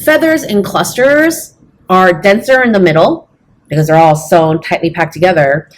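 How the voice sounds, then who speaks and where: A woman's voice: lowish voice, moderate pace, slight background noise. A woman teaching fashion illustration in a chatty, casual tutorial, teasing herself and checking in with "okay?". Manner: chatty, self-teasing, says "y'all" and "okay?".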